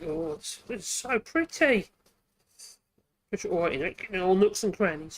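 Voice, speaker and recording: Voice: mid-range voice, animated, measured pace, pauses often. A woodworking channel host, chatting casually while demonstrating at the workbench, thinking aloud and correcting themselves as they go.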